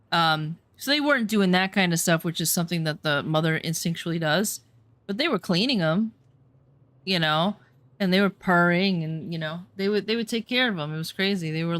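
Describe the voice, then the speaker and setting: Woman, casual storytelling, animated, swears a lot, rambling, dry close sound. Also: lowish voice, no echo. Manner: profane, animated, rambling anecdotes.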